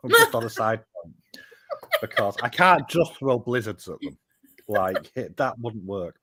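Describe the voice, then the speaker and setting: A man's voice: on the low side, big pitch swings, unhurried, pushed and bright. A man chatting as a guest, wry and joking, rambling a little. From United Kingdom. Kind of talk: casual chat.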